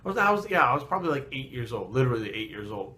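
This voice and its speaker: A man's voice: medium pitch, sing-song, very fast, pushed and bright. Foul-mouthed man telling a story. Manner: heavy swearing, rambling asides. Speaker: fitness vlogger. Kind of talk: casual storytelling.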